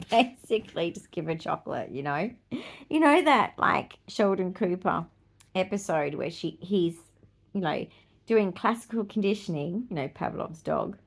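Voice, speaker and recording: A woman's voice: fairly low pitch, creaky. A woman in her forties with an Australian accent, hosting a podcast as a casual monologue, blunt and swearing freely with laughs between points. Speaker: podcast host.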